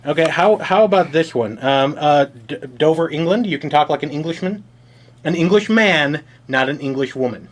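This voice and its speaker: A man's voice: a little high, a little fast, few pauses. A man reviewing a board game, explaining the rules in a dry, sardonic way.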